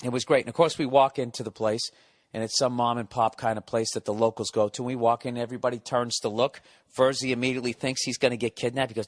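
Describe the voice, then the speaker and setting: A podcast host and comedian with a Boston accent tells a comic story in a monologue, ranting and swearing as he mocks a nervous friend. His medium-pitched voice moves fairly quickly, and the recording is dry with clean studio sound.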